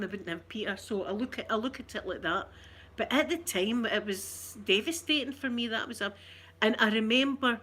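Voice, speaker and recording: A woman's voice: mid-range voice, pushed and bright. Chatty Scottish woman rambling to viewers. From Scotland. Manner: rambling, chatty and self-teasing. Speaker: ASMR streamer chatting with viewers. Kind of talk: casual livestream chat.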